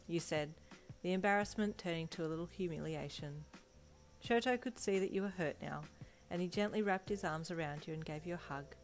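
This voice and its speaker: A woman reading fan fiction aloud as expressive narration, voicing the flustered listener in a higher voice. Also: brisk, soft background music. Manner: acts out the listener's lines in a high, flustered voice.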